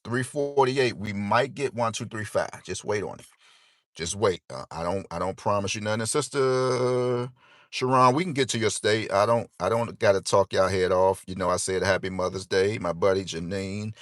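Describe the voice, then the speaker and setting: Laid-back, rambling man with a low voice. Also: no room sound, clean studio sound. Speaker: lottery tips host. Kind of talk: casual livestream chat.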